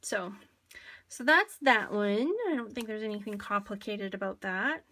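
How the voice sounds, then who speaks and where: A woman talks through her craft pages in a relaxed, chatty way, drifting between asides and small fillers. Her voice is bright and forward, sitting at an everyday middle pitch for a woman. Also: normal speed. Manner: chatty, rambling, many fillers. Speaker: scrapbooking vlogger. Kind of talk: casual show-and-tell chat.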